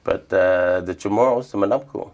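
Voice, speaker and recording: An older man from Guam, telling stories of his past in a relaxed, reflective interview. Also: low voice, normal speed. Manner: relaxed, reflective storytelling with quoted dialogue. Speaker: interviewee, traditional healer. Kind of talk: casual storytelling interview.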